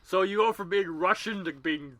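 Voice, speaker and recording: Bright-voiced joking man podcast co-host. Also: high voice, dry recording. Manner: joking, teasing, quick banter. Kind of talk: casual chat.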